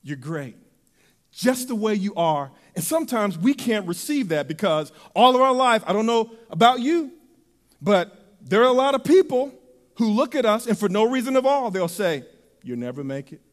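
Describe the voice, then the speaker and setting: A male preacher with a high, ringing voice delivers a sermon. He talks animatedly, swinging between loud bursts and soft, intimate passages. His voice carries through a church hall with long reverb. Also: lively intonation, moderate pace.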